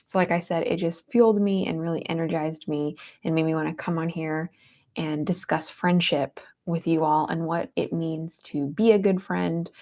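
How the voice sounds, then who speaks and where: A woman's voice: low voice, a little mellow. A woman hosting a livestream, talking earnestly and tenderly while greeting viewers in the chat. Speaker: livestream host. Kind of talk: casual heartfelt live chat.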